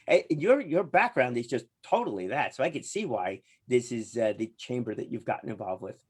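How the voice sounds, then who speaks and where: A man's voice: medium pitch, big pitch swings, moderate pace, hardly any pauses, darkish tone, slightly rough. A man hosting an interview show, talking in a chatty, rambling way and laughing easily. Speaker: podcast host.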